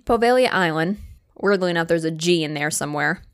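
A woman in her late twenties tells a story on a casual podcast, laughing often and swearing freely. Her voice sits a bit low and is recorded close and dry, with no room sound. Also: fairly quick, clean tone, dry recording. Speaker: podcast co-host.

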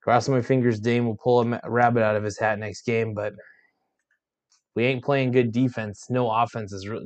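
A man's voice: medium pitch, a little mellow. A tired man ranting in exasperation about his basketball team, swearing and restarting his sentences as he vents. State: yawning, tired. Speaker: sports vlogger. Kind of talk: frustrated sports rant.

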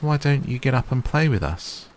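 A man's voice: mid-range voice, moderate pace, a little hiss or hum, voice pushed up, close to an everyday voice. A man voicing a bold, teasing wild male rabbit in a storybook, with a mocking manner. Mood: playful. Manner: mocking, lively.

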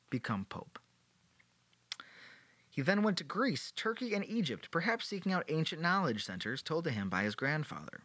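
A man's voice: mid-range voice, fairly bright tone, dry recording. A man hosting a podcast, telling a history story in a casual, playful way with sarcastic joking asides. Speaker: podcast host.

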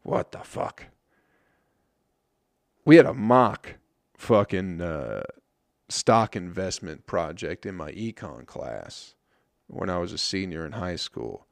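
Young man, low gravelly voice, profane rambling podcast host, dry close sound. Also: very animated, slow pace, no echo. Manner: rambling, profane, wry and self-mocking. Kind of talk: casual solo podcast rant.

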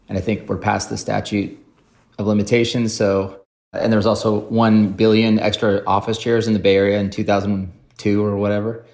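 A man's voice: fairly low pitch, a little mellow. A man in his forties, a podcast guest, telling his career story in a casual, self-deprecating way. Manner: self-deprecating, acts out quoted voices.

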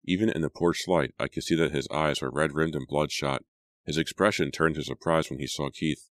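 A man narrating a teen thriller audiobook with steady, dramatic pacing. His voice sits very low, and the recording is dry and close with no room sound. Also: fairly quick, no echo. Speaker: audiobook reader.

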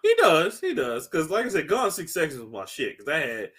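A man co-hosting a casual podcast, animated and laughing often as he acts out movie lines. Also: a little high, quick pace, breathy edge. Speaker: podcast co-host. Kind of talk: casual chat.

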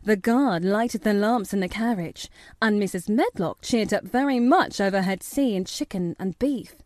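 A woman giving steady, measured scripted narration of a children's classic for an audiobook. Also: medium pitch, no echo, studio quality.

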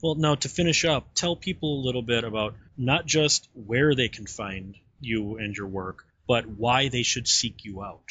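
A man's voice: medium pitch, moderate pace, few pauses, pushed and bright, slightly rough, no room sound. A man interviewing a comic artist, asking long, winding questions in a casual way.

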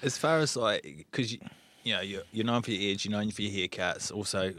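Teasing low-voiced English podcast host. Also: male voice, a little fast, a bit bright. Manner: teasing, laughs often, asks probing questions. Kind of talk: casual interview. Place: small studio.

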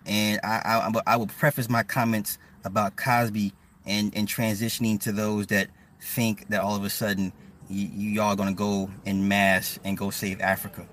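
A man's voice: on the low side, flat delivery, normal speed, fairly bright tone, distant mic, slight background noise. A man ranting bluntly and profanely on a casual livestream from his car, often repeating words as he talks to his viewers. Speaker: livestream host.

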